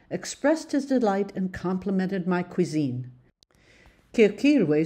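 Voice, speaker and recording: A woman from the United States reading her own memoir aloud in a measured, plain storytelling voice. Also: lowish voice, mellow. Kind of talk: audiobook narration.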